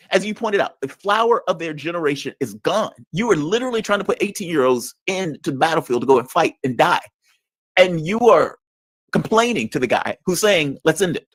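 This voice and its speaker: A man's voice: fairly high pitch, no room sound. A man commenting on politics in a blunt, combative and mocking way. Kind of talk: heated political discussion.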